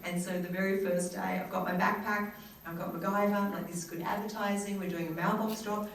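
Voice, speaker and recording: An actress with an Australian accent tells a story on a convention panel, animated, acting out what people said and laughing often. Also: female voice, medium pitch, fairly quick. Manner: animated, acts out quoted voices, laughs often. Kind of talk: anecdotal storytelling to an audience. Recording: very echoey hall from far off.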